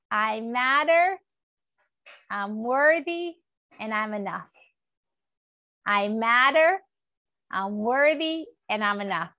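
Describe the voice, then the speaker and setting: A woman teaching a gentle stretch class, encouraging and upbeat, leading spoken affirmations. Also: mid-range voice, vocal fry, dry recording, muffled recording. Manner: upbeat and encouraging, with laughs and cheers.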